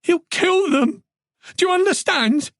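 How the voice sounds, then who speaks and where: A woman's voice: very high-pitched, expressive, a little slow, no room sound, clean studio sound, voice pushed up. A narrator voicing a shaken young woman detective who speaks urgently and breaks toward sobs. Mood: frantic.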